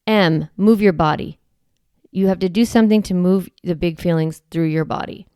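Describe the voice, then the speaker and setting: A woman's voice: on the low side, moderate pace, darkish tone, clean tone, no room sound, clean studio sound. A woman hosting a parenting podcast, walking through steps and asking and answering her own questions as if talking to a child. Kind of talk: instructional podcast talk.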